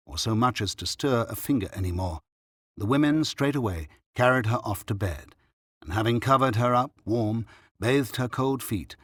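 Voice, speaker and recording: A man narrating a classic story for an audiobook in a measured, even storytelling manner. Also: on the low side, no echo, studio quality. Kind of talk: scripted narration.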